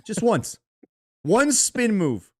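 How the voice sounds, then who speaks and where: A man co-hosts a casual football podcast, his voice sitting a touch high. He rants in heated, profane bursts, recorded dry and close with no room around him. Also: very animated, takes it slowly, a little mellow, no echo. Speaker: podcast co-host. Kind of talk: casual sports chat, reading super chats.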